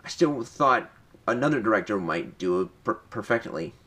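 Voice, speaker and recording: A man's voice: on the low side, animated, normal speed, fairly bright tone. A young man giving a casual, eager movie review in a vlog, rambling with frequent restarts.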